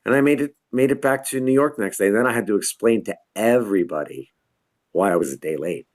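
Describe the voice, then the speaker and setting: This middle-aged lighting designer talks fast in a lowish voice while appearing as a guest on a video call from home. He recounts a tour story in a relaxed way, voicing the quotes and laughing frequently.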